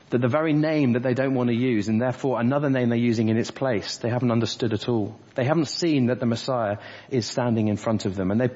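A man delivering a sermon, his voice husky and a little breathy. He talks earnestly through the passage verse by verse. The sound is dull and lo-fi, with a long reverb from the church hall. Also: medium pitch, darkish tone. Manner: earnest expository preaching, quoting scripture verse by verse. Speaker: preacher.

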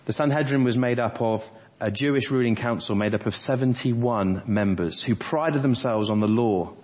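A man's voice: medium pitch, a little mellow, breathy edge. A man preaching an earnest sermon in a church, walking through scripture verse by verse. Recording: dull lo-fi church audio with long reverb.

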